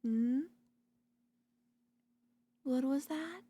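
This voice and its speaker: A woman voicing a possessive, doting yandere girlfriend in a whispered role-play, talking softly and slowly at a close mic. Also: sits high. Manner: soft, possessive, doting, slow and lingering. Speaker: voice actor.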